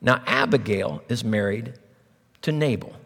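A middle-aged pastor preaching a sermon, telling a story with humor and acted voices. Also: male voice, medium pitch, measured pace, in a large hall. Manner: animated storytelling with jokes and voices.

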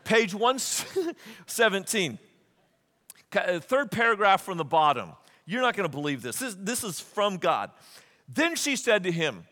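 A man preaching a sermon, retelling stories with lively, acted-out voices. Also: high-pitched, unhurried, in a large hall. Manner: animated storytelling, acts out quotes. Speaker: pastor.

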